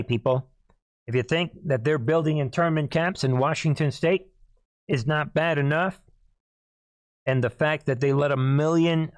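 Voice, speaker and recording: A man with a hoarse voice hosts a commentary monologue, often stopping to clear his throat. He talks emphatically and keeps calling out to his listeners as "people". His voice sits at an ordinary middle pitch, recorded dry with no room sound. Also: dry recording. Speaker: host.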